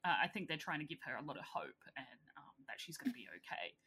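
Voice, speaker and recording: A woman's voice: sits low, lively intonation, quick pace, sharp tone, slight background noise. A woman co-hosting a casual film recap, blunt and swearing freely as she retells scenes. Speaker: podcast co-host.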